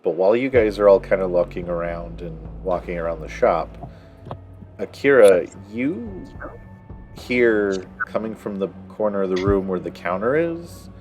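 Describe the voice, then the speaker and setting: A man's voice: low-pitched, expressive, normal speed, a little mellow, soft background music. A man narrating as game master of a tabletop game, with many hesitant fillers.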